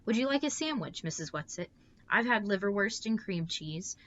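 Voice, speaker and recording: A woman voicing a calm, practical mother who reassures her children briskly and lightly. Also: mid-range voice, muffled recording, pitched above the performer's own voice, lightly acted.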